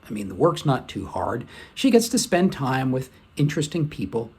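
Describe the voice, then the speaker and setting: A man's voice: medium pitch, sing-song, normal speed, gravelly, slightly rough. A man presenting a training lesson as scripted, conversational storytelling.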